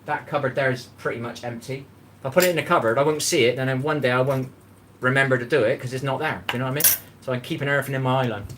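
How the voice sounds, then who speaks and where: Talking very fast in a mid-range, slightly bright voice, a man hosts a casual cooking livestream from a chair in his home kitchen, with slight background noise. He rambles on, greets viewers by name, and swears freely.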